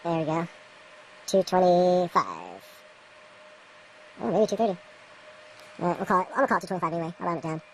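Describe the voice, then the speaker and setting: A woman's voice: lowish voice, expressive, a little fast, long pauses, a little hiss or hum, rough recording. A woman in a casual instructional vlog, rambling to the camera while she works in an indoor grow room and muttering at her equipment. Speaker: home grower demonstrating light readings.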